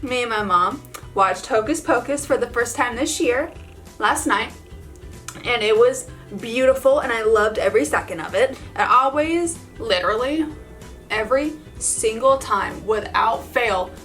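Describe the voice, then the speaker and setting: A woman's voice: a little high, lively intonation, unhurried, fairly bright tone, soft background music. Chatty, gushing woman beauty vlogger. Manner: chatty and gushing, lots of "like" and laughs. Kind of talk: casual makeup tutorial chat.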